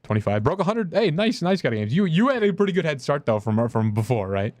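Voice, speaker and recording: A young man streaming a game, chatting casually with viewers in a rambling, self-mocking way, his pitch jumping up and down. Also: very animated, fast talker, a little mellow, dry recording. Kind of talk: casual gameplay commentary.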